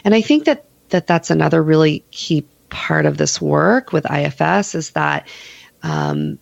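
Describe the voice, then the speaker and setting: Low, gravelly-voiced woman explaining. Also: measured pace, no room sound, lo-fi sound. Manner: explains warmly, acts out inner voices, laughs often. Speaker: podcast guest, therapist. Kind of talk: conversational explanation.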